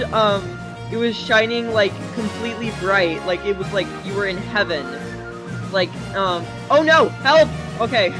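A young man chatting through a game for his channel, rambling and joking at himself, with nervous yelps for help. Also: high-pitched. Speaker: gaming YouTuber. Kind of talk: casual let's-play commentary. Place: home computer desk. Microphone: desk microphone. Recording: faint game music behind.

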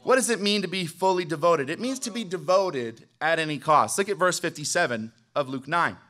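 High-voiced middle-aged pastor guy, emphatic, keeps asking for amens. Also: expressive, a little fast, bright, forceful tone. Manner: emphatic, calls for amens from the congregation. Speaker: preacher. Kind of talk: sermon. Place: church sanctuary.

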